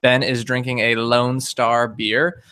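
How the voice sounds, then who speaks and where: Bright-voiced chatty podcast host. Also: male voice, medium pitch, flat delivery, slow, clean tone. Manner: chatty, rambling storyteller with frequent fillers. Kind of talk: casual chat. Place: home recording setup, drinking beer on air.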